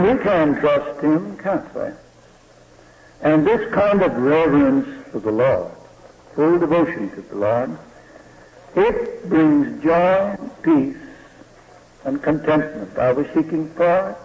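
A man preaching a sermon slowly and deliberately, often asking the listeners rhetorical questions. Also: a little high. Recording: dull lo-fi recording in a reverberant hall.

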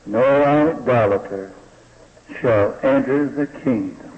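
A man preaching a sermon slowly and deliberately, often asking the listeners rhetorical questions. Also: mid-range voice. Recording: dull lo-fi recording in a reverberant hall.

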